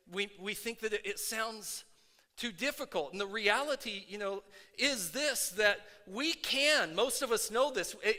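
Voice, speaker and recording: A middle-aged man preaching a sermon in a conversational way, with many fillers, going from quiet asides to shouting. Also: sits high. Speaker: pastor. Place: worship center. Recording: long hall reverb.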